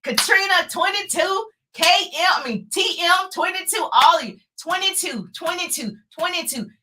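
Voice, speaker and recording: A woman coaching viewers live on a stream, energetic and cheering them on, often laughing. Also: very high voice, normal speed. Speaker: sales coach.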